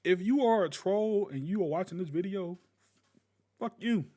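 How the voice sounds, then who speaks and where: A man ranting casually to camera as a gaming YouTuber, blunt and profane, with sudden loud bursts. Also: high-pitched, expressive, moderate pace.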